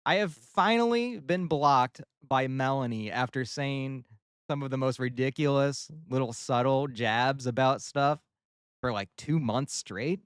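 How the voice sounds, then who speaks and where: A man's voice: medium pitch, smooth, dry recording, studio quality. A man streaming, chatting casually and joking with his viewers, rambling and laughing at himself. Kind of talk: casual livestream chat.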